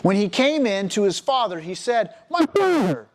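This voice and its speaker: A man preaching a sermon to a college ministry, retelling a scripture story in an animated, storytelling way. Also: high-pitched, moderate pace. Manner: animated storytelling, acting out the characters.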